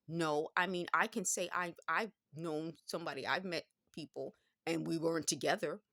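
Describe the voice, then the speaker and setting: A woman's voice: low-pitched, moderate pace, fairly bright tone, dry recording, studio quality. A woman in her fifties with a New York accent, talking through a rambling vlog monologue and often stopping to correct herself. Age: 50s. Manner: rambling, circling back with frequent self-corrections.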